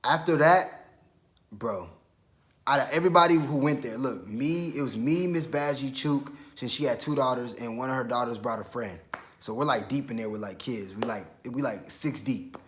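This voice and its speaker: A man's voice: medium pitch, slight background noise. A young man from Georgia telling a story in a casual, slangy, profane way, quoting himself as he goes. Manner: animated, quick retelling with self-quotes. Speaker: vlogger.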